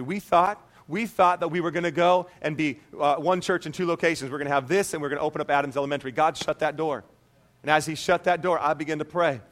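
A male pastor delivers a lively, conversational sermon. His voice sits a little high, and he keeps checking in with the congregation. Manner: animated, conversational preaching with frequent "okay?".

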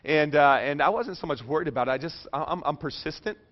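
A middle-aged man delivers a sermon as a rambling personal story, cracking jokes and then going hushed for the tender parts. His voice sits a little high for a man. The recording is dull and lo-fi. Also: fast. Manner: animated, joking, drops soft and low for emotional parts. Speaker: pastor. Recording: dull lo-fi sound.

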